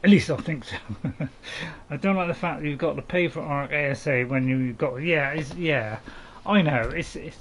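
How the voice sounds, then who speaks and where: A chatty, middle-aged man talks to his stream chat as he plays, his voice sitting a little higher than most men's. He rambles good-naturedly, jokes and restarts his sentences. A faint hiss runs underneath. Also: normal speed. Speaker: gaming streamer. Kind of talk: casual live stream chat while playing.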